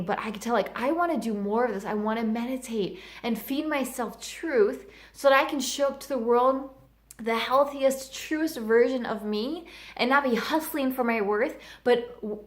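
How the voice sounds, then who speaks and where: Earnest thirty-something woman vlogging about her life, heartfelt, says like a lot, echoey room. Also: fairly high pitch. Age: 30s. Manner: earnest and heartfelt, many fillers of "like". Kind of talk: personal storytelling vlog.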